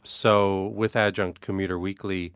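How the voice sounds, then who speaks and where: Deep-voiced male guest explaining earnestly. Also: level tone, a little slow, clear, resonant tone, dry recording, studio quality. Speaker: guest, adjunct art professor. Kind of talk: radio interview. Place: radio studio.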